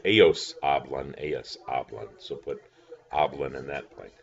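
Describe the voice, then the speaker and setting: A man's voice: very deep voice, highs cut off. A man teaching a recorded lesson, patient, spelling words out letter by letter. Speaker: language teacher.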